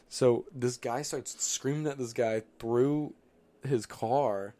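A man's voice: medium pitch, slow pace, mellow. A young man telling laid-back, slangy stories as a podcast guest. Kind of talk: casual podcast chat.

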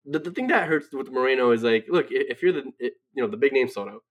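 Fast and lively in intonation, a medium-pitched co-host rants brashly through casual sports talk. Swearing is frequent, as are his "right?" asides.

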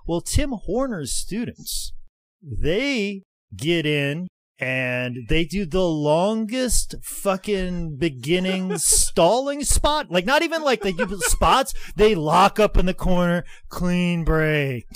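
A fired-up man with a slightly raised voice tells a long story in casual chat. He swears a lot, speeds up and slows down, and jumps in pitch as he gets worked up. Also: no echo. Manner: animated, profane, fired-up storyteller. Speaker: podcast co-host telling wrestling stories.

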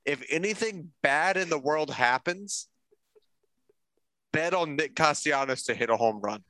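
A man's voice: fairly high pitch, animated, a little slow, pushed and bright, no room sound. A young man co-hosting a casual podcast, swearing freely and telling jokes with comic timing. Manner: profane, joking storyteller. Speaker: podcast co-host.

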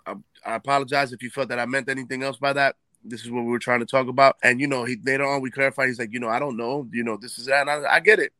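A man's voice: mid-range voice, very fast, hardly any pauses, no room sound. A man from Brooklyn with a New York accent, co-hosting a podcast, telling stories animatedly with plenty of swearing. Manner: animated, swears freely, acts out quoted dialogue. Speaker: podcast co-host. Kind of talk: casual chat, storytelling.

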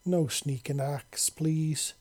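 A male storyteller does a fierce feathered creature woman who teases and bosses her captive in a mellow, breathy voice pushed up higher than his own. She switches easily between sultry purring and firm warnings, in the manner of a read-aloud storybook. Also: moderate pace, natural voice. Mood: bossy. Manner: playful, sultry, bossy. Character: fierce female feathered creature, teasing and commanding.

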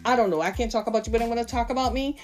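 A woman's voice: fairly high pitch, racing, a little mellow, faint music behind. A woman in her fifties preaching a sermon, impassioned and full of rhetorical questions to her listeners. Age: 50s.

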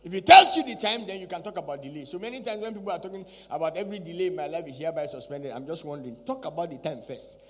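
A man's voice: fairly high pitch, expressive, very fast, few pauses, a bit bright, long reverb tail. A male pastor preaching a sermon, repeating his points and pressing the listeners with rhetorical questions.

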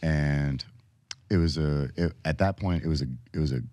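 A man's voice: very deep voice, moderate pace, no room sound, clean studio sound. A man, a military veteran, casually telling a story as a podcast guest and acting out the people he quotes. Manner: animated, acts out quoted voices.

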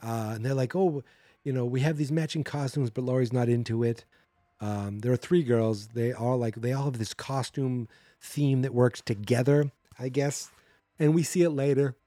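A man's voice: medium pitch, steady tone, moderate pace, dark tone, no echo. Sarcastic, rambling male podcast host. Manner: sarcastic, rambling, acts out character quotes. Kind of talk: casual movie recap.

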